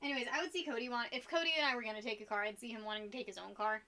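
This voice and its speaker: A woman's voice: fairly high pitch, steady tone, racing, pushed and bright. A young woman chatting casually on a live stream while she paints, rambling and giggling between topics. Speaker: art streamer.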